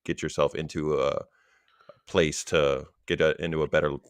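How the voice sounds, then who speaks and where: A man co-hosting a podcast, speaking sincerely and encouragingly in a steady way. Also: very deep voice, normal speed, smooth, no room sound, clean studio sound. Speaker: podcast co-host. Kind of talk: casual podcast talk.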